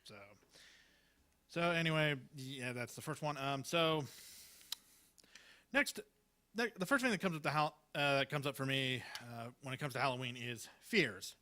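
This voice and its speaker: A man's voice: medium pitch, normal speed, long pauses, bright, forceful tone. A man performing at an open mic, reading Halloween one-liners in a hesitant, rambling way full of fillers and restarts. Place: small live venue.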